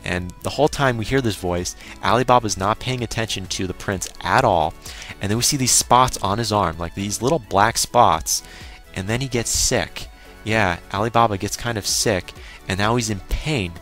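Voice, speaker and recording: A man's voice: fairly low pitch, normal speed, a bit bright, faint music behind. A young man giving a casual, crude recap of an anime episode and acting out his own reactions. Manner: crude, exclaiming, mock-quoting himself. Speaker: anime reviewer.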